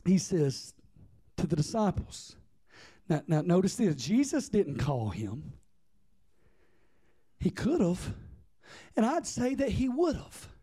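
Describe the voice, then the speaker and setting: A man's voice: high voice, big pitch swings, slow, long pauses, dark tone, breathy edge. A man preaching a sermon with impassioned, rhythmic repetition.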